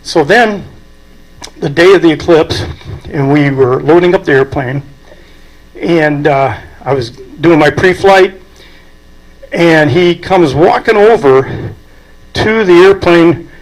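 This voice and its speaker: This older man, an aviation club president, speaks slowly in a voice on the high side as he gives a memorial eulogy. He shares folksy anecdotes and chuckles at his own stories. The recording is rough.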